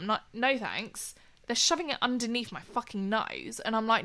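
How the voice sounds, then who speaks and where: A woman's voice: fairly high pitch, sing-song, brisk, pushed and bright. A young woman telling a story in casual chat, swearing freely and laughing along the way. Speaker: podcast co-host telling a story.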